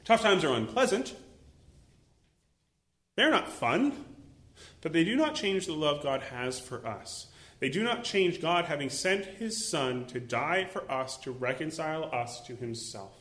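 A man preaching a sermon as a pastor, animated, acting out little voices and exclaiming as he goes. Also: a little high, unhurried, echoey room.

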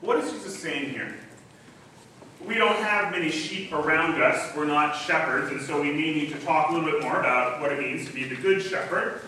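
A pastor preaches from the front of a church sanctuary, walking through scripture in a relaxed, conversational teaching style. His voice is high and bright and moves at a normal speed. The distant mic picks up heavy echo from the hall plus a little hiss or hum.

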